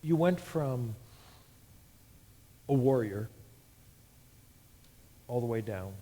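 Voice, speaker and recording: Slow, mellow-voiced male interviewer. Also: mid-range voice, expressive. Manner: slow, thoughtful questioning. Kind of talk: church interview. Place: church sanctuary. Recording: long hall reverb.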